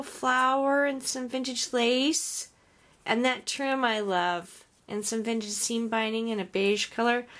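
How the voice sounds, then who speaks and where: A woman's voice: on the high side, moderate pace, a bit bright. A woman vlogger chatting casually as she unboxes craft gifts, gushing, exclaiming and often sighing.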